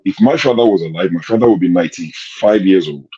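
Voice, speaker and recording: Low, husky man arguing on a dull call. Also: fast, warm tone. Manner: argumentative, rhetorical questions. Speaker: show host. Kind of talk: casual political commentary.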